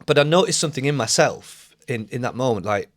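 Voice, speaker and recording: A man's voice: mid-range voice, lively intonation, brisk, no room sound, clean studio sound. A man in his forties co-hosting a podcast, telling stories in casual chat and swearing freely. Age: 40s. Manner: swears freely, acts out quoted voices. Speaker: podcast co-host.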